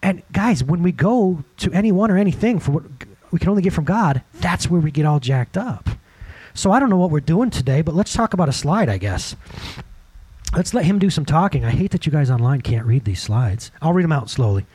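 Animated high-voiced preacher, husky tone. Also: male voice, a little fast. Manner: animated, talks to congregation directly, asks many questions; breaks into acted-out quotes. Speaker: pastor. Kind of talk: sermon.

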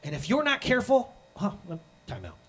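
This thirties-aged pastor delivers his sermon briskly in a husky voice that sits high. He's animated and performs the voices of the people he quotes.

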